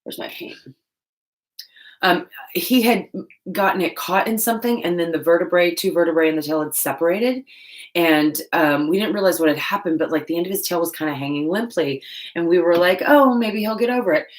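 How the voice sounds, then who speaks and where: Woman, low voice, casual livestream chat, self-mocking asides, painting at home. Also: brisk. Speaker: livestream host. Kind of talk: casual live-stream chat while painting.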